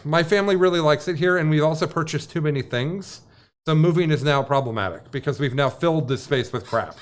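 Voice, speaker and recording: A man hosts a gaming livestream in a loose, rambling way, cracking jokes while he fills time. His voice sits a touch higher than most men's. The talk is casual and unscripted. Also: fairly quick. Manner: rambling, jokey, filling time. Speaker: stream host.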